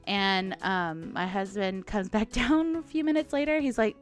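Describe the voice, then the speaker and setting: A woman hosting a podcast, telling stories in a chatty, animated way and laughing often. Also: on the high side, normal speed, soft background music. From United States. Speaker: podcast host. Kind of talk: casual storytelling monologue.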